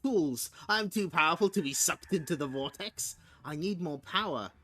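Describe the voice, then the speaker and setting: A man's voice: fairly high pitch, animated, moderate pace, bright, forceful tone. A man reading aloud and voicing an arrogant, power-hungry alien god-king from a comic, in a grandiose, commanding way.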